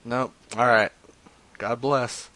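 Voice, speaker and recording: Sharp-toned and slow-paced, a man with a medium pitch and fairly even intonation runs a call-in stream of prank calls. He's crude and joking in this casual, rambling chat, often trailing off into mumbles.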